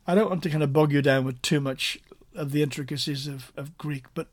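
A male preacher teaching a sermon at an unhurried pace. His voice sits a little high for a man, and he presses his points earnestly through repetition. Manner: earnest, explanatory, emphatic repetition.

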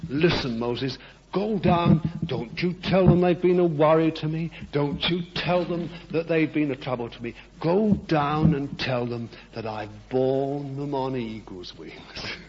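Gentle, coaxing God, played by a male preacher; fairly high voice, lo-fi, long echo. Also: measured pace, a little hiss or hum, close to an everyday voice. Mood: tender. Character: patient, tender God speaking to Moses. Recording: dull lo-fi echoey hall.

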